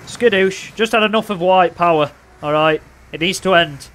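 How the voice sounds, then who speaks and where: High-voiced excitable gamer. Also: male voice, moderate pace. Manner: playful, excitable trash talk, bursts of shouting. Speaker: gaming commentator. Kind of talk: casual gameplay commentary.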